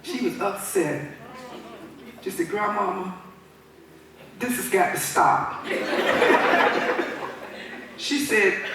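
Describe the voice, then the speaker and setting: A woman's voice: mid-range voice, expressive, slow, pauses often, fairly bright tone. A woman in her seventies giving a thank-you speech at her own birthday party, telling stories with frequent chuckles and restarts. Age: 70s. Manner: chuckling, loose speaker who restarts phrases. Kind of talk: warm, unscripted storytelling speech. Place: large event hall at a birthday party. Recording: echoey hall recorded from far off.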